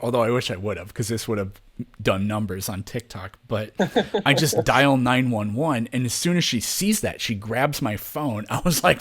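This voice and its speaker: On a podcast, a male co-host with a medium-pitched voice rambles through a long story in casual chat. He swears freely and jumps into raised voices to act out other people.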